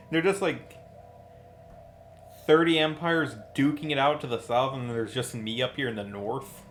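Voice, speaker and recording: A male streamer talks through his strategy game in a worn-out, low-key voice, dropping wry remarks about the menus as he plays. His voice sits at an ordinary middle pitch, and a faint hiss stays under it throughout. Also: fairly even intonation, a little slow. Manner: tired, low-key, thinking aloud. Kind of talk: casual live-stream commentary.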